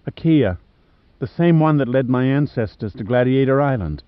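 A male narrator voicing a weary, hopeful Australian woman adrift at sea, speaking softly and dreamily. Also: medium pitch, lively intonation, moderate pace, no room sound, voice pushed up, close to an everyday voice. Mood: excited. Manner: soft, dreamy, then eager. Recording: slightly muffled dry studio.

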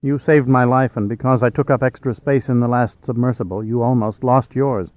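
A man voicing a confident, flirtatious adult woman with a direct, brisk manner. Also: mid-range voice, steady tone, no echo, close to an everyday voice. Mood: earnest. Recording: slightly dull, dry.

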